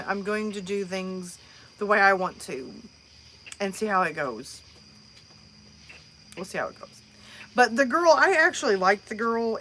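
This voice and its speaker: A woman's voice: medium pitch, pushed and bright. Woman host, chatty live-stream rambler, restarts a lot, faint background noise. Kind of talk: casual live-stream chat.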